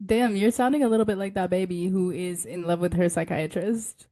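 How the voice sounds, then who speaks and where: A woman's voice: on the low side, a little fast, mellow, dry recording. A young woman co-hosting a podcast in casual chat, telling candid stories full of "like" and acting out what others said. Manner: candid storytelling, many "like"s, mimics others in quotes. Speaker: podcast co-host.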